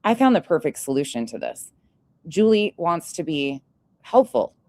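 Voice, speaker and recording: Low-pitched woman doing drama commentary, sarcastic, swears a lot, super dry sound. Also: big pitch swings, moderate pace, a little mellow, no echo. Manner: sarcastic, profane ranting. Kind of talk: casual commentary.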